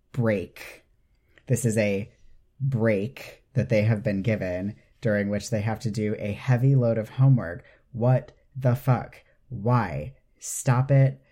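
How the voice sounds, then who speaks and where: Slow, mellow-voiced podcast co-host. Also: medium pitch. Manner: indignant, sarcastic ranting. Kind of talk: casual chat.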